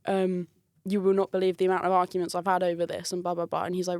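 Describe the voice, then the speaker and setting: A woman's voice: lowish voice, fast talker, hardly any pauses, no echo. A woman in casual conversation, telling a work story with lots of laughter and acted-out quotes. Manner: animated, laughs often, acts out quoted voices.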